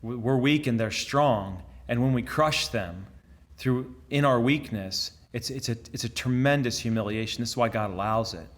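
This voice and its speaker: A friar gives a conversational conference talk to a lay audience. This man tells stories earnestly, repeating words and restarting sentences as he thinks aloud. His voice sits at an ordinary male pitch. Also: normal speed. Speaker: friar giving a conference to laypeople. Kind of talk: conversational sermon.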